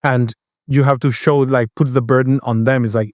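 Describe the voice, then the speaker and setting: Co-hosting a podcast, a man tells a story in casual chat, halting with many restarts and acting out the other voices he quotes. His mid-range voice holds a steady tone, recorded with clean studio sound and no room sound.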